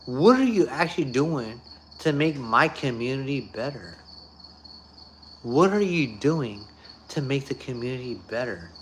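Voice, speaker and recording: A man's voice: mid-range voice, big pitch swings, unhurried, slight background noise. A man talking straight to his viewers in an off-the-cuff monologue, blunt and profane, repeating himself for emphasis. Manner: blunt, profane, repetitive ranting. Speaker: YouTuber.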